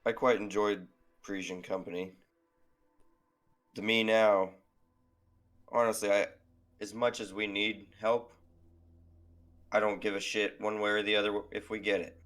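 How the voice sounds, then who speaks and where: A man's voice: on the low side, level tone, a little slow, pauses often, fairly bright tone. A man playing a tabletop game, speaking in character in a blunt, defiant way. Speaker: player.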